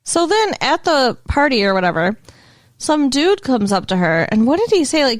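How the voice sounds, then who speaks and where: A woman's voice: high voice, very animated, moderate pace. A woman co-hosting a podcast, recapping a TV episode in casual chat, chatty and giggly, saying "like" a lot. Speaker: podcast co-host.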